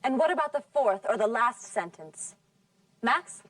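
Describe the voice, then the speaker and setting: A woman runs a scripted class in a fairly high voice, patiently drawing out each model word. She sits back from the mic, and the room sounds dry. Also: animated, fairly bright tone, no room sound, distant mic. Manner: patient, drawn-out model words. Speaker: English teacher.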